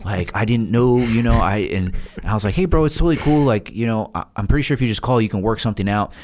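The speaker is a man with a lowish voice talking fast, a retired Navy SEAL appearing as a podcast guest. Telling a story in casual chat, he acts out what other people said, animated and laughing.

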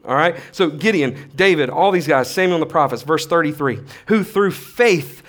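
Pastor, male, 30s, slightly high voice; casual, energetic sermon delivery. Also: brisk. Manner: casual, animated preaching with slang and swings from soft to loud.

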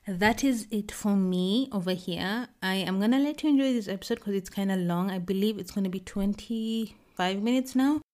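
A woman's voice: mid-range voice, normal speed, hardly any pauses, a little mellow. A young woman hosting her own podcast in a casual, rambling way, often stopping to rephrase herself, recorded indoors at a relative's house. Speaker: podcast host. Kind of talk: casual solo podcast chat.

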